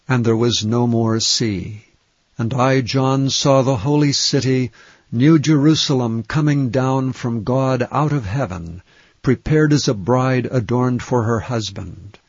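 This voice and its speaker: A man giving a measured, deliberate scripted reading of scripture, with a dull, slightly lo-fi sound. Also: medium pitch, no echo. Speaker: reader.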